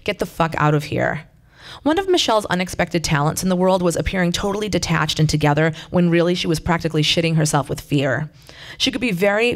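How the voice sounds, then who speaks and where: A reader reading a story aloud in a plain, conversational way, with occasional asides. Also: medium pitch.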